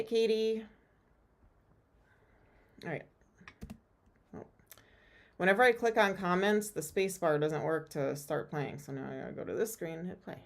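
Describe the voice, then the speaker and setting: A woman with a lowish voice talks through a casual live stream as a tarot reader host. Her talk is chatty and rambling, full of fillers. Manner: chatty and rambling, with many fillers and frequent laughs.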